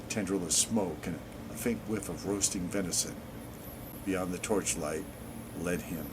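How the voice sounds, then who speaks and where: A man's voice: sits low, unhurried, background noise. A man in his sixties reading an in-game book aloud on his gaming channel, dropping in sarcastic asides.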